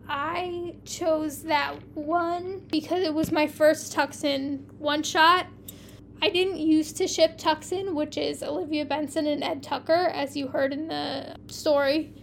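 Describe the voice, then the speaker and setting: High, gravelly woman reading stories. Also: steady tone, takes it slowly, a little hiss or hum. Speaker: podcast host reading fan fiction. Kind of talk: reading own stories aloud with casual commentary.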